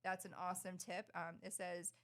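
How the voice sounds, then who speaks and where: A middle-aged woman co-hosting a casual podcast chat, bubbly and quick to laugh, acting out her mornings with her son. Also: fairly low pitch. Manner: bubbly, laughs often, animated retellings. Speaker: podcast co-host.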